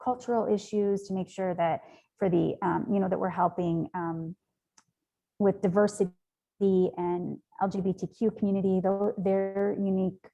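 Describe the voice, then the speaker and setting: A woman's voice: medium pitch, little pitch movement, normal speed, creaky, warm tone, lo-fi sound. A woman speaking as an interview guest, earnest and rambling, with frequent ums and likes. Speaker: nonprofit founder, interview guest. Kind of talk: conversational interview.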